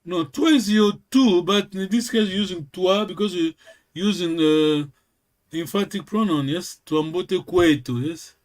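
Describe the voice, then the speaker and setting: Guy teaching a language class, patient, repeats stuff a lot, kinda high voice. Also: unhurried. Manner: patient, corrects and repeats, many fillers. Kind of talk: online language lesson.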